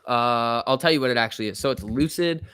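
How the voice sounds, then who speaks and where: A young man chats through a stock-market livestream, loose and excitable as he reacts to viewers. His voice sits at a middle pitch and sounds dry and close, with no room around it. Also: fast, clear, resonant tone, dry recording. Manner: chatty, reads chat messages aloud, jumpy and excitable. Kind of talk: casual livestream commentary.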